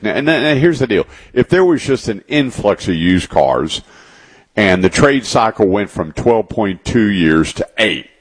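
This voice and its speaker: A man's voice: low-pitched, slightly rough. A man hosting a call-in radio car show, telling stories in a rambling, folksy way. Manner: rambling, folksy, repeats words. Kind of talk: casual radio talk, storytelling.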